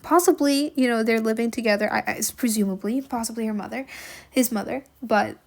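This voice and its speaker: A woman reads a classic novel aloud and explains it as she goes, chatty and musing with lots of fillers. Her voice is on the high side and darkish, with vocal fry, and she talks fairly quickly.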